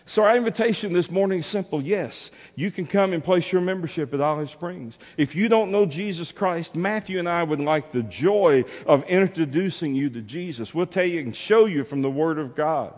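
A man's voice: on the high side, animated, fairly quick. A man preaching a fervent sermon from the pulpit, repeating lines and calling his congregation to respond. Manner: fervent, repetitive call-and-response, rising to shouted exhortations. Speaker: pastor. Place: church sanctuary. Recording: long reverb in a church.

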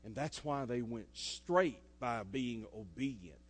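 Preacher in an echoey hall. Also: male voice, mid-range voice, expressive, slow pace, slightly rough. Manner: dynamic, swinging between loud emphasis and soft asides. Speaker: pastor. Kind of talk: sermon. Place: church sanctuary.

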